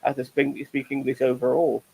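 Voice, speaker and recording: A man's voice: mid-range voice, normal speed, vocal fry, husky, rough recording. A middle-aged man hosting a casual TV review chat show, rambling and swearing freely. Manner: profane, rambling, animated.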